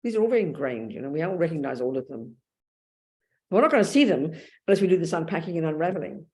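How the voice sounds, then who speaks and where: A woman's voice: deep voice, big pitch swings, fast talker, darkish tone. A woman with an Australian accent giving a blunt, emphatic dharma talk as a Buddhist nun, calling her listeners darling.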